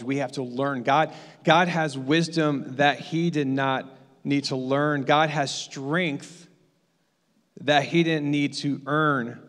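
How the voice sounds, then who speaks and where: A man's voice: medium pitch, in a large hall. A man preaching a sermon as pastor, building his points through emphatic repetition.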